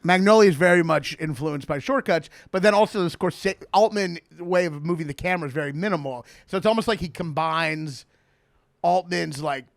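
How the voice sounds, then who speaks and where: Quick-talking man with a lisp, gravelly edge. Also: a little high, no room sound, clean studio sound. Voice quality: slight lisp. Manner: quick, animated, teasing, laughs often. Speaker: podcast host. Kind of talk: casual chat.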